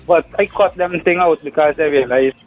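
A man, calling in to a radio talk show, who talks in a lively, jokey way with local sayings. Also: a little high, moderate pace, narrow, tinny audio. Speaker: radio caller.

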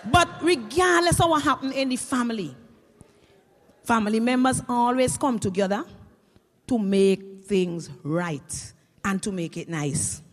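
A woman telling comic stories in a lively creole style and acting out the scenes. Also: a little high, measured pace. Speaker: storyteller. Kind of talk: comic storytelling. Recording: reverberant hall.

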